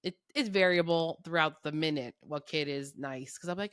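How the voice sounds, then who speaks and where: Woman in her thirties, casual chat, blunt and swearing, bright forceful tone, lowish voice, dry close sound. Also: normal speed, smooth, dry recording. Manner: candid, swears freely, laughs while telling stories. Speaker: podcast guest.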